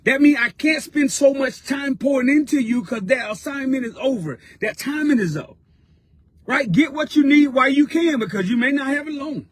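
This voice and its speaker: A man's voice: very high voice, moderate pace, no echo. A man giving a fervent, preaching-style motivational talk as a mentor, repeating his points in a colloquial way. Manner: fervent, repetitive, colloquial exhortation.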